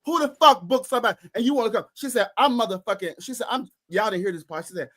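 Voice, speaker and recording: A man's voice: high-pitched, quick pace, hardly any pauses, a bit bright. A man co-hosting a podcast in casual chat, ranting heatedly and profanely with emphatic repetition. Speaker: podcast co-host.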